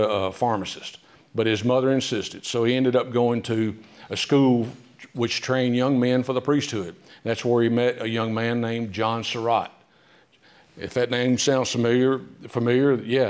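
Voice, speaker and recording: A man speaks at a library author talk in an ordinary mid-pitched voice, spinning history into chatty, humorous anecdotes. He pauses often with "uh" and restarts as he goes. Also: darkish tone. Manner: chatty, humorous, with frequent "uh" fillers. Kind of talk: casual storytelling talk. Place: public library meeting room.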